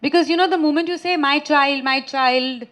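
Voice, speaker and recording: Actress lady at a press meet, chatty and giggly, slightly high voice. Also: normal speed. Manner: chatty, laughing, animated storytelling. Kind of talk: casual anecdotes to reporters.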